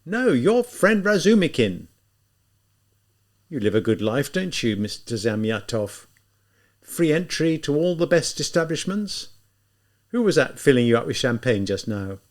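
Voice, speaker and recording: A man's voice: mid-range voice, sing-song, measured pace. A man reading aloud, voicing a feverish, mocking young man who taunts and teases in an audiobook. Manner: teasing, taunting, sly. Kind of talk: audiobook character voice.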